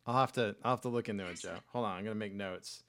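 A man's voice: fairly low pitch, fast talker. A man hosting a podcast in casual chat, rambling and poking fun at himself. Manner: rambling, self-mocking, bursts into loud voices. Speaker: podcast host.

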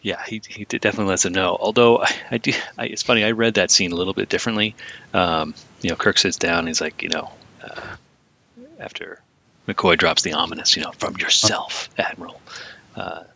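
A man's voice: low voice, steady tone, a little fast, vocal fry, bright, forceful tone, a little hiss or hum. A man co-hosting a podcast, chatting casually about a film and often laughing while acting out lines. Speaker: podcast co-host.

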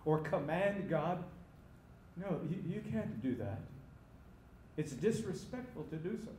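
Male preacher, slightly high voice, emphatic delivery, echoey sanctuary sound. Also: animated, unhurried, darkish tone, slight background noise. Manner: emphatic, rising to cries on quoted lines. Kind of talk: sermon.

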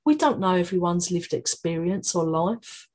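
Warm Cockney woman, calming and encouraging, podcast guest. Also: lowish voice, normal speed. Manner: encouraging, laughs often. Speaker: guest, creative writing tutor. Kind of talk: podcast interview.

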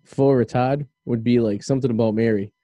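A male radio host with a very dark, mellow voice, chatting casually and rambling through his thoughts with plenty of fillers. The sound is dry and close, with little room around it. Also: mid-range voice, steady tone, brisk, dry recording, lo-fi sound. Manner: rambling, loose, filler-heavy talk. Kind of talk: casual chat.

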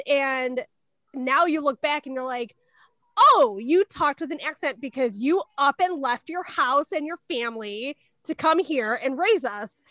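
A woman co-hosting a podcast who asks guests questions in casual chat, talking quickly with many restarts. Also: sits high, a bit bright, no room sound. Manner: quick, lots of likes and restarts. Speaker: podcast co-host.

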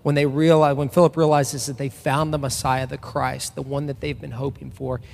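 A man's voice: medium pitch, little pitch movement, moderate pace, vocal fry, a little mellow. A man in his thirties preaching a casual, conversational sermon to a church. He talks loosely and personally, with frequent restarts and fillers. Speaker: pastor. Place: church sanctuary. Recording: long reverb in a large hall.

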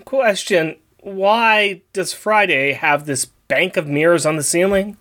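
A man co-hosting a casual comic podcast, teasing and quick to jump in with corrections. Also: high-pitched, a bit bright. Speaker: podcast co-host. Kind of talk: casual comic book recap.

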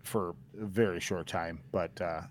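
A man co-hosting a casual sports podcast, speaking haltingly with many repeated words and restarts. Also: low-pitched, steady tone, a little hiss or hum, low-quality recording. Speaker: podcast co-host.

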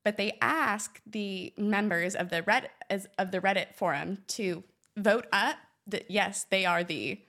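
A woman's voice: medium pitch, measured pace, a bit bright. A young woman co-hosting a casual podcast and reading stories aloud, chatty and a little self-conscious, laughing often, on a studio microphone. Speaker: co-host, law student.

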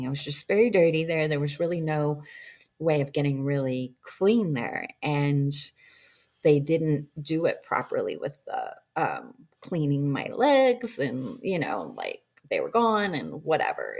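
Woman, low voice, casual rambling storyteller, reflective. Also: darkish tone. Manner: rambling, reflective, many ums and you-knows; acts out quoted dialogue in shifting voices. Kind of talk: personal storytelling about a past-life regression session.

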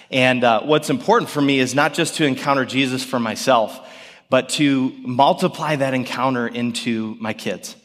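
A male pastor in his thirties tells a story in an earnest sermon, pausing gently between thoughts. His voice sits at an ordinary middle pitch. The sound carries a long reverb from a church hall. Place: church sanctuary.

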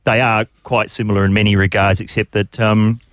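A man's voice: fairly low pitch, flat delivery, brisk, no room sound, clean studio sound. A man from New Zealand hosting a comedy radio chat with wry, joking delivery. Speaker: radio host.

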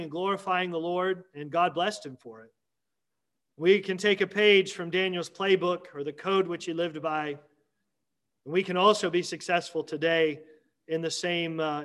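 A man preaching a Sunday morning sermon as pastor, emphatic with dramatic pauses and repetition. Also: high voice, a bit bright.

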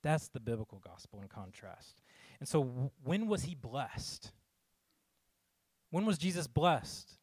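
A man's voice: mid-range voice, big pitch swings, a little slow, long pauses, darkish tone, husky, dry recording. A man preaching a sermon in an earnest, conversational way, often restarting his phrases. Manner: conversational, earnest, self-interrupting. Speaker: pastor.

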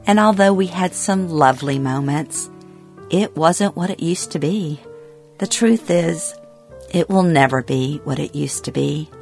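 Low-voiced woman reading her memoir. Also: gravelly. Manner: quiet and reflective, somber. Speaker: memoir narrator. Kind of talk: reading a personal memoir aloud.

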